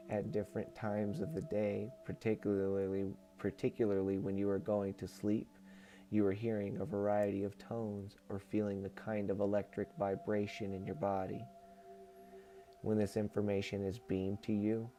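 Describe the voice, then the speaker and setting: Male stream host, even-toned, measured reader who slips into relaxed chat with viewers. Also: lowish voice. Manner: calm, measured reading, turning casual and friendly when greeting chat. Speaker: livestream host reading aloud. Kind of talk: reading a book aloud on a livestream, chatting with viewers.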